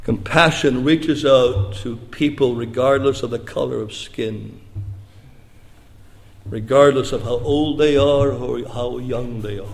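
Preaching man in a reverberant hall. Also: slow. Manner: preaching, swinging between hushed low passages and raised emphatic lines. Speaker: pastor. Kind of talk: sermon.

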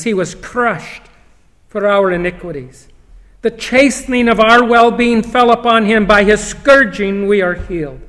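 Slow high-voiced preacher in a reverberant hall. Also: male voice, a bit bright. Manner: slow, emphatic scripture reading with long pauses. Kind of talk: sermon.

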